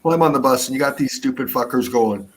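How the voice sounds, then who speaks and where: A man's voice: medium pitch, quick pace. Casting: man, casual group chat, crude and ranting. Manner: profane, ranting.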